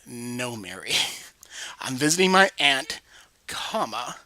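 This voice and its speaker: A woman doing a low, mumbling young boy. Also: slow, dry recording, full character voice, poor audio. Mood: reluctant. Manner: low, flat, put-upon mutter.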